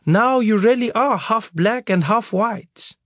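Male narrator playing a mom: high, husky, never rattled, laughing and reassuring. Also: slow, dry recording, studio quality. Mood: amused, reassuring. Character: laughing, unflappable mother in her thirties.

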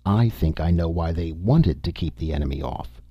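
A man's voice: low voice, moderate pace, slightly rough, dry recording, muffled recording, heavily acted. A man voicing an eager, curious male archaeologist in an audiobook. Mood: excited. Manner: eager, excited.

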